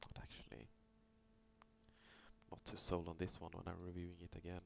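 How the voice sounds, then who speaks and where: Low, gravelly male voice, casual and meandering, on a muffled recording. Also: completely flat delivery, moderate pace, bright, forceful tone. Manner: thinking aloud, loose, with many fillers. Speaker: trader reviewing chart trades. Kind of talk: casual screen-recorded trading review. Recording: dull lo-fi sound with faint hum.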